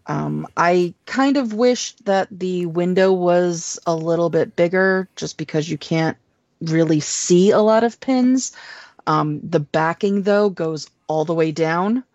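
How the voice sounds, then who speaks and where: Low-voiced woman co-host, slow easy talk, geeky and chatty, dry muffled audio. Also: a little mellow, no echo. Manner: chatty, upbeat geeky enthusiasm with fillers. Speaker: podcast co-host. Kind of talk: casual chat.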